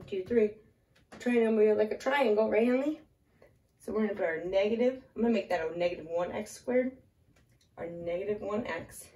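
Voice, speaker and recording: A woman teaching a relaxed math lesson, talking through each step aloud and stopping to chat with a small child in her arms. She sounds a little out of breath. Her voice rings in an echoey room and comes from some distance off the mic. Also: medium pitch, slight background noise. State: slightly out of breath. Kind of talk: casual math lesson at a whiteboard.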